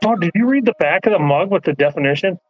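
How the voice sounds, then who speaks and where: A man's voice: high-pitched, animated, fast talker, dry recording, highs cut off, faint music behind. A man in a casual group chat, asking curious questions.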